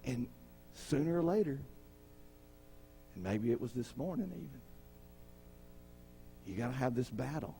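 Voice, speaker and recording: A man's voice: medium pitch, lively intonation, moderate pace, creaky, pauses often, dark tone, a little hiss or hum. A man preaching a sermon. He talks in a conversational way, asks the congregation questions and acts out the people in his stories. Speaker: pastor.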